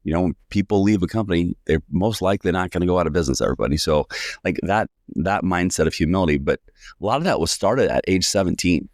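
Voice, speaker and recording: A man in his forties from the United States, a sales coach telling a lively personal story in a podcast interview and acting out the voices of people he quotes. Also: low voice, fast, dry recording, studio quality. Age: 40s.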